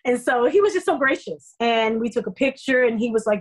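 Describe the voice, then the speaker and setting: A woman's voice: fairly high pitch, fairly quick, poor audio. Effusive woman telling an emotional story. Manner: effusive, emotional storytelling with lively quoted asides. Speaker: actress, interview guest. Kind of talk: conversational interview.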